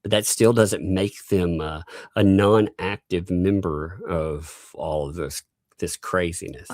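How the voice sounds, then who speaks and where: Slow, low-voiced man host. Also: darkish tone, no echo, clean studio sound. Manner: slow, musing, pointed questions with laughs. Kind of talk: live-stream commentary.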